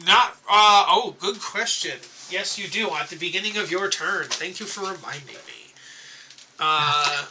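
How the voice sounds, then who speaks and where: Lively high-voiced man running the game. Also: a little slow, a little hiss or hum, poor audio. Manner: laughs often, animated. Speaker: dungeon master. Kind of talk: running a tabletop game, casual.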